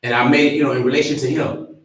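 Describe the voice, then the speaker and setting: A man's voice: mid-range voice, steady tone, fast talker. A man working as a relationship coach, giving an earnest motivational livestream talk and telling personal stories. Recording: very echoey room, voice from far off the mic.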